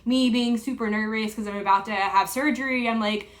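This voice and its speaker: A woman's voice: on the high side, fairly even intonation, brisk. A young woman telling a personal story to camera in a chatty, casual way, full of fillers and retold dialogue. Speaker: vlogger.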